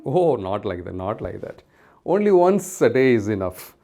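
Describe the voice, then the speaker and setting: A woman leading a children's puppet show, talking in a gentle, coaxing way and repeating things for the children. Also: rumbling low, very animated, moderate pace. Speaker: children's church teacher.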